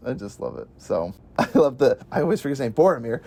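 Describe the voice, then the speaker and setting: Excitable man chatting about movies. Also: medium pitch, fast talker, vocal fry, few pauses. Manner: excitable, laughs often, acts out quotes. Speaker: podcast co-host. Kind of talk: casual movie chat.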